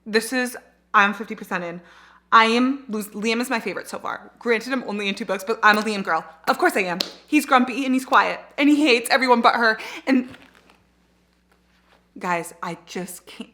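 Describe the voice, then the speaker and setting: A woman in her twenties chatting casually in a reading vlog, gushing and excitable, swearing freely. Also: on the high side, normal speed. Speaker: reading vlogger.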